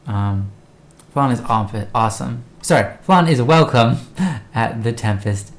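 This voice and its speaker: A man's voice: medium pitch, a little slow. A man co-hosting a casual livestream, telling stories and reading viewer messages aloud. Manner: chatty storyteller, reads viewer messages aloud. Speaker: co-host.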